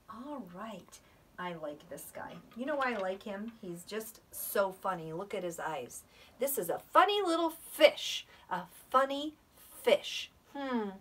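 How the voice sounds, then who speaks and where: A breathy woman teaching preschoolers at an unhurried pace, drawing out each letter sound and dropping into soft asides. Her voice sits a little back from the microphone. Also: mid-range voice. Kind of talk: recorded preschool lesson. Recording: voice from a distance.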